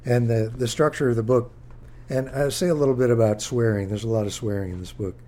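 Mellow-voiced man reading his book aloud. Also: medium pitch, fairly even intonation. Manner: halting, thinking aloud, restarts. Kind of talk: informal book reading with asides.

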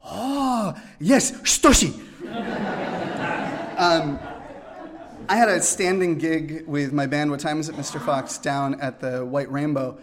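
A man's voice: a little high, fairly even intonation, moderate pace, few pauses, crowd noise. A middle-aged man telling a personal story in a conversational way, with fillers and amused asides.

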